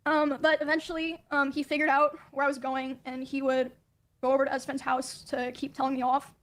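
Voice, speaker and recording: A woman telling her own story in a played clip, speaking softly and hesitantly with many pauses and fillers. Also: high-pitched, level tone. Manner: soft, hesitant, many ums and likes. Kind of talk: recounting personal experiences in a played clip.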